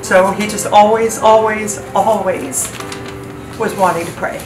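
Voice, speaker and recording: A woman's voice: medium pitch, steady tone, measured pace. A woman remembering a loved one in an interview. Her voice rises with emotion. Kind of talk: heartfelt reminiscing. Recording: roomy room with music behind.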